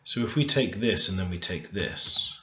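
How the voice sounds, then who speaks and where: A man's voice: sits low, lively intonation, normal speed, sharp tone, a little hiss or hum. A man working through a grammar lesson over a screen recording, thinking aloud and stressing the words in his example sentences. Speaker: language learner teaching. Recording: echoey room, dull lo-fi sound.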